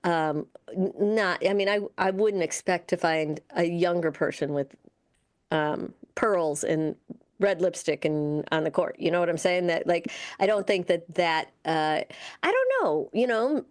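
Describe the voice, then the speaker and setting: A woman's voice: lowish voice, measured pace. Chatty woman radio host. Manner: chatty, reads news excerpts aloud with many fillers. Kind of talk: casual radio chat. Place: radio studio.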